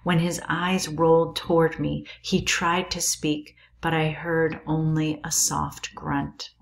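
A woman reading a novel aloud in a calm, measured, quiet way. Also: deep voice, creaky.

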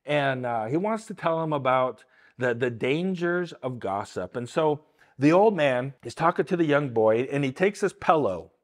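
A man's voice: mid-range voice, expressive, moderate pace. An older man giving a casual, earnest Bible teaching, often repeating words and asking "right?" along the way. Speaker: Christian teacher.

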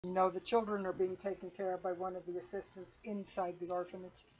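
A woman's voice: on the low side, level tone, a little fast, a little mellow, husky. Woman game master, dull lo-fi audio. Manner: narrates steadily with fillers. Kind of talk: narrating a tabletop game.

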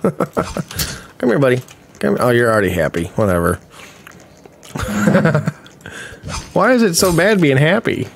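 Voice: medium pitch, very animated, a little slow, long pauses, slight background noise. A gaming channel host giving playful let's-play commentary, with mock-panicked cries and teasing calls to other players.

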